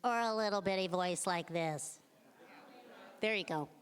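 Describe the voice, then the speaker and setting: A woman voicing a proud little male lizard in a small, bitty voice, singing slowly in a storybook tale. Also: lightly acted. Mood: playful. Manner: little bitty squeaky voice, sung.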